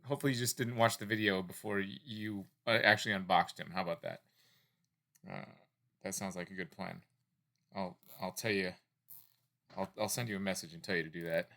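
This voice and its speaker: A man's voice: deep voice, brisk, creaky, long pauses, pushed and bright. A man, a reptile breeder, casually talking to his snake in a chatty, playful, apologetic way. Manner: chatty, apologetic, playful baby talk to the animal.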